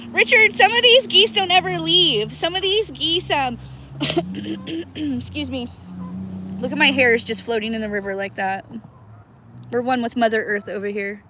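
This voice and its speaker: A woman's voice: high-pitched, pushed and bright, a little hiss or hum. A woman livestreaming from a cold river outdoors, chatting casually with viewers by name and laughing often, shivering with cold. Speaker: livestream host.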